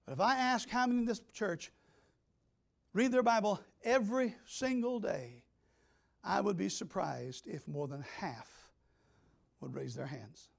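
A pastor preaching an emphatic sermon, swinging between loud declarations and hushed asides. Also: male voice, sits high, measured pace, vocal fry, long pauses.

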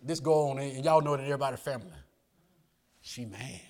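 A man preaching a sermon, folksy and joking, building to shouted call-and-response lines. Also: medium pitch, fairly quick. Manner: folksy, joking asides with laughter.

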